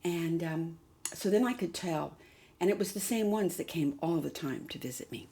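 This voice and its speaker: A woman hosting a doll vlog in casual chat, cooing softly to a doll and often dropping to a half-whisper. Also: lowish voice, normal speed, creaky. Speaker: doll collector and channel host.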